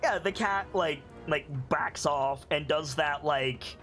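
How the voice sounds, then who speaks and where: A young man narrating a tabletop game as game master, relaxed and full of fillers. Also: on the high side, takes it slowly, soft background music. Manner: hesitant, lots of fillers, relaxed.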